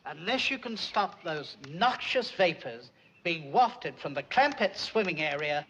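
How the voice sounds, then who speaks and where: Stiff butler, formal and dry, bright high voice, faint noise. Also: male voice, sing-song, measured pace, rough recording. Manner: formal, mannered, dryly deferential. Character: stiff, long-suffering male butler.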